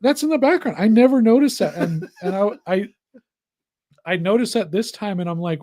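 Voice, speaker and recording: Young male co-host, slightly higher voice, acts out every quote. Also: brisk, no echo. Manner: animated storyteller acting out quotes. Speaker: podcast co-host. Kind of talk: casual chat.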